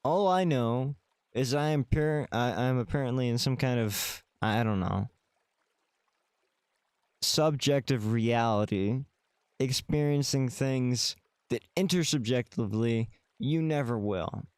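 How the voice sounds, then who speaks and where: A man's voice: mid-range voice, slow, darkish tone, clean tone, no room sound, clean studio sound. A man streaming a visual novel, reading the game text aloud with casual, wry asides to his chat.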